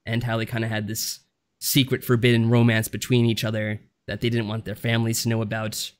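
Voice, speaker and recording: A man co-hosting a podcast, summarizing a plot in an easygoing, measured, casual way. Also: on the low side. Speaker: podcast co-host. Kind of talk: casual chat.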